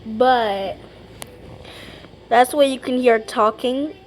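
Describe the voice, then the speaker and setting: High-voiced woman playing a game. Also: slow, a little hiss or hum. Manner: playful, mock-scared pleading. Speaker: gamer. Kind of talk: game commentary.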